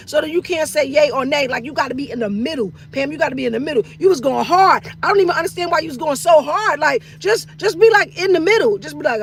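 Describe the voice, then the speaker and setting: A middle-aged woman with a bright, high voice rants for laughs on a live stream. She swears freely, loops back on her own phrases and acts out little asides as she goes, with faint noise under her. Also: quick pace, few pauses. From East New York, Brooklyn. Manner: animated, profane, riffing with repeats and acted-out asides. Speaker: comedian hosting a live stream talk segment. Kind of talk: casual comedic rant.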